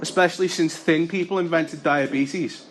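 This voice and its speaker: A young man performs stand-up on a club stage in a slightly higher register than most men. He stays deadpan and flips into shouted impressions. The live recording carries clear background noise. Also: moderate pace. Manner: deadpan, acts out characters in shouted voices. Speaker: stand-up comedian. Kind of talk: stand-up comedy set. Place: comedy club with audience laughter. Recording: live gig with audible noise.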